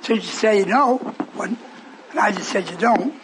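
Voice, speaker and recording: A man's voice: high-pitched, normal speed, background noise. A man preaching a sermon, confronting and questioning his congregation.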